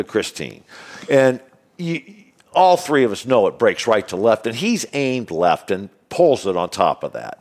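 A man in his sixties telling golf stories in casual chat, acting out the voices of the people in them and laughing often. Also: fairly low pitch. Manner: animated, acts out voices in anecdotes, laughs often. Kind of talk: casual storytelling.

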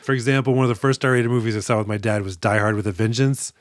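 A man co-hosts a casual podcast chat, joking around and acting out movie quotes with laughs. His voice is fairly low and fairly even, delivered fast in a dry, studio-quality recording.

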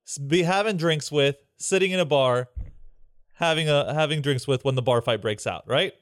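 A man's voice: on the high side, normal speed, dry recording, clean studio sound. A male podcast co-host in casual chat, rambling with many fillers. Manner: rambling, filler-heavy, laughing.

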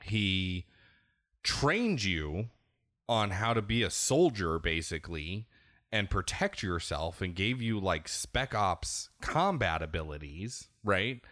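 A man's voice: sits low, animated, slow pace, fairly bright tone, dry recording, studio quality. A man hosting a podcast, candidly rambling through a casual game discussion and often restarting his sentences. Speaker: podcast host.

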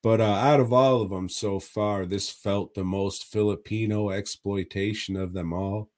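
A man co-hosting a podcast, talking through movies in a slow, drawn-out way. His voice sits on the low side, and his chat is loose, crude and full of chuckles. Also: fairly even intonation, a little mellow. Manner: laid-back, profane, chuckling. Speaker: podcast co-host. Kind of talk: casual movie review chat.

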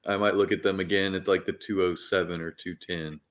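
A man with a low-pitched voice co-hosting a casual podcast. He explains things in a methodical, detailed way, laying out each step in plain terms. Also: level tone, a little fast, fairly bright tone. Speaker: podcast co-host.

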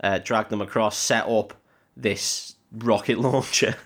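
A man's voice: lowish voice, fairly even intonation, a bit bright. Laughing, sweary young man recapping a film. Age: young adult. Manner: laughing often, sweary, retelling scenes with quick quoted voices. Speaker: podcast co-host. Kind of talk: casual film recap chat.

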